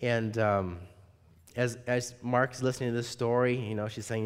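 A man, a pastor, preaching a sermon and telling a story in an animated way. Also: medium pitch, normal speed, clear, resonant tone. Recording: long reverb in a large hall.

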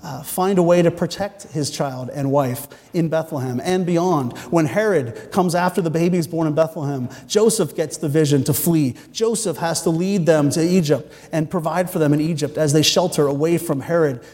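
Casting: male preacher, a touch high-voiced, earnest storyteller with quips, reverberant church room. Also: normal speed, hardly any pauses, darkish tone. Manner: earnest, storytelling, with joking asides. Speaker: pastor. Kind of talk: sermon. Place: church sanctuary. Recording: long church-hall reverb.

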